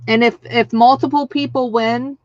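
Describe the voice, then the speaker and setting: A woman hosting a casual craft livestream, chatty and excitable, laughing often and reading out viewer names. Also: fairly high pitch, normal speed. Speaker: craft channel host. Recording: dry, dull lo-fi sound.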